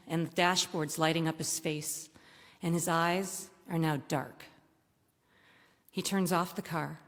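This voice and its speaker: A woman around sixty from Michigan telling a true story on a theater stage, lively and animated, acting out the dialogue. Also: lowish voice. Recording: reverberant theater hall.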